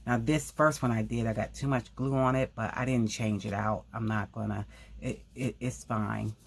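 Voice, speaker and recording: A woman hosting a craft video, talking quickly in a rambling, casual way and often correcting herself mid-sentence. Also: a bass voice, fairly even intonation, vocal fry, breathy edge. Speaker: craft channel host. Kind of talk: casual craft tutorial chat.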